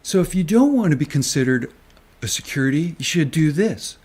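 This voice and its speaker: A man's voice: fairly high pitch, expressive, a little fast, a little mellow, breathy edge. Angry sarcastic man ranting. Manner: angry, sarcastic, swearing, taunting. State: agitated. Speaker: stock market commentator. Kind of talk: ranting live stream commentary.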